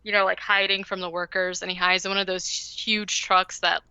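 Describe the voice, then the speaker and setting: Rambling woman podcaster with a gravelly edge. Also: mid-range voice, little pitch movement, normal speed, bright, forceful tone, no room sound, lo-fi sound. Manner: rambling, heavy use of "like" and "um". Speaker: podcast host. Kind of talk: casual movie recap.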